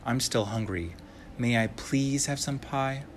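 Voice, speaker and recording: A man's voice: medium pitch, measured pace, slight background noise, natural voice. A man voicing a rude, greedy young bear in a read-aloud storybook, speaking in a whiny, boastful way. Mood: sheepish.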